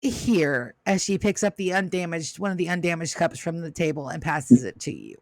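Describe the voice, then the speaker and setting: A woman's voice: on the low side, animated, a little fast, dry recording. Woman game master, easy narrator, dry close sound.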